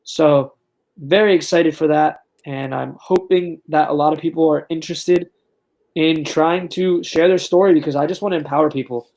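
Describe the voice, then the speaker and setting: Earnest young man, slightly high voice. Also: steady tone, normal speed, a little mellow. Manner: earnest, enthusiastic, uses filler words like "like" and "um". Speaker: guest. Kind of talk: casual interview chat.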